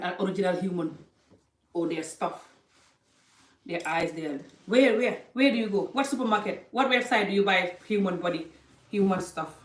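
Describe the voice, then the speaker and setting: A woman giving passionate life advice to camera. She talks emphatically, repeats phrases for stress and uses non-native English grammar. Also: mid-range voice. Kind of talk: impassioned monologue to camera. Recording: echoey room, voice a bit distant from the mic.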